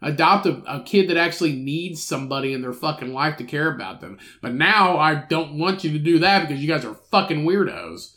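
Brief: male podcast co-host, swearing rants over a read-aloud story, somewhat high voice. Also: expressive, sharp tone. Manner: profane, ranting, quick bursts. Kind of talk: casual chat, reading a news story aloud.

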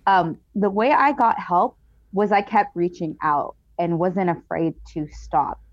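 Earnest woman guest, low and dull-sounding. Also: unhurried, no room sound. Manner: emotional, earnest. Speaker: podcast guest. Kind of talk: candid interview storytelling.

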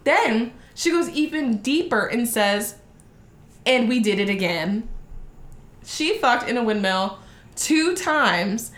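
A woman's voice: on the high side, fairly bright tone. Woman chatty co-host, swears freely, acts out dialogue, echoey room. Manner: profane, gossipy, acts out quotes. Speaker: podcast co-host. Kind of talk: casual chat, storytelling.

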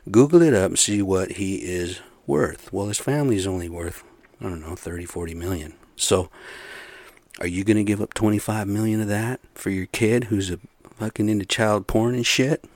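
A man with a deep, low voice rants casually to his viewers. He rambles, swears freely and keeps firing rhetorical questions. The recording is dry, with no room sound. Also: moderate pace, a little mellow, dry recording. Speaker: vlogger. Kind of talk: casual profane rant to camera.

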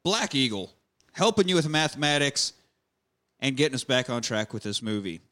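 A man's voice: mid-range voice, sing-song, moderate pace, sharp tone. A man hosting a movie podcast, joking and swearing as he recaps the plot. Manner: joking, profane, drives the recap. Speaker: podcast host reviewing a movie. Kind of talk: casual chat.

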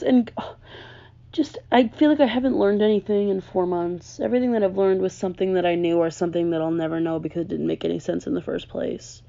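A woman's voice: fairly high pitch, gravelly, warm tone, highs cut off. A young woman, a college student ranting sarcastically on her vlog, full of "like" and rising exasperation. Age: young adult.

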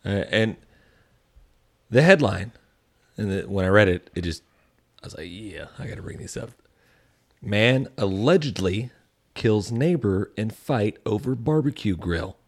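Man, deep voice, laid-back podcast host, casual chat. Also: animated, measured pace, long pauses. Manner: laid-back, steers the show.

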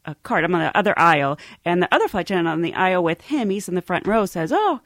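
A woman casually telling an anecdote, animated and laughing often as she acts out what people said. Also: on the low side, fast talker, dry recording, clean studio sound. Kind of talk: casual storytelling.

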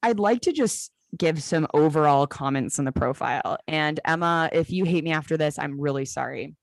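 Young woman with a low voice, teasing and sarcastic, lots of "like", dry close sound. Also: normal speed, no room sound. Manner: frequent "like" fillers. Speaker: podcast co-host. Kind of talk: casual chat.

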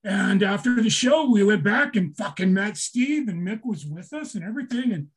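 Man, older, husky, high-pitched, emotional, profane, storytelling. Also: expressive, moderate pace. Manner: emotional, swears often, repeats himself. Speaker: storyteller guest.

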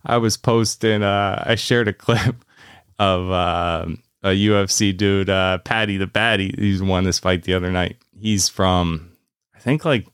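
A low-pitched man holds forth in a loose, rambling podcast monologue, swearing freely and leaning on "you know" and "like." His voice is smooth and resonant, recorded dry and close with no room sound. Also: steady tone, measured pace, fairly bright tone, no echo. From United States. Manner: laughs easily at his own jokes. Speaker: podcast host. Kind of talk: casual monologue.

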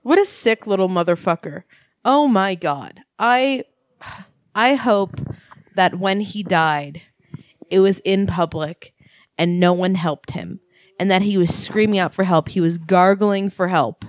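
A woman's voice: fairly low pitch, a little slow, dry recording. Woman, blunt crude co-host, mid-range voice, dry close sound. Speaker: podcast co-host. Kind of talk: casual chat.

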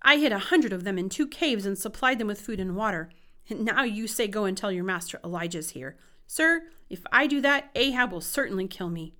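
A woman reads as a frightened male palace servant, pleading anxiously with the one he serves. Her voice stays at a plain middle pitch with a lifted, urgent edge. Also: expressive, brisk, sharp tone.

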